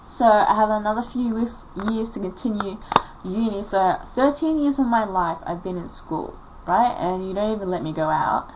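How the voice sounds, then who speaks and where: A woman's voice: mid-range voice, moderate pace, a little mellow, a little hiss or hum, low-quality recording. A woman in her late teens telling a personal story on a confessional vlog, emotional and rambling, full of filler likes. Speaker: vlogger.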